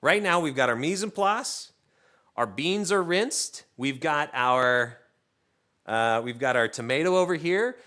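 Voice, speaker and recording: Animated man chatting while cooking. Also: mid-range voice. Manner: animated, swears freely, jokey tangents. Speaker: cooking live streamer. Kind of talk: casual chat while cooking. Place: home kitchen.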